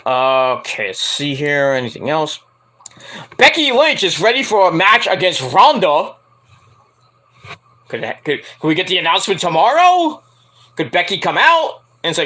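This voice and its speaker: A man hosting a casual wrestling news stream, rambling, joking and swearing, his voice hoarse from hours of screaming. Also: a little high, big pitch swings, unhurried, long pauses, bright, forceful tone. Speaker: stream host.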